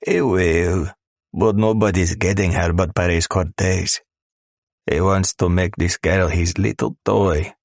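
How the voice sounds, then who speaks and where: A man plays rough smugglers with a very deep, low voice, crude and menacing in their talk. The sound is dry and close, with no room around it. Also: fairly even intonation, unhurried, dry recording. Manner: crude, menacing, tough-talking. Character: gruff male smugglers and mafia man. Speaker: audiobook narrator. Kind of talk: scripted audiobook narration.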